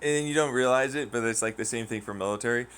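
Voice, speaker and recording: A man's voice: medium pitch, quick pace, fairly bright tone, smooth. A man ranting casually and profanely, rambling through a story and acting out quoted voices in mocking tones. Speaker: podcast host. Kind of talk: casual rant.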